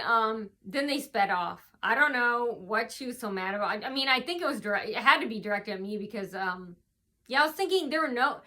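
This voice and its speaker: High bright-voiced woman rambling to camera. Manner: rambling, many fillers and restarts, mimics shouts. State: tearful, face swollen from crying. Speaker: vlogger. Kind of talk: casual rambling storytelling to camera.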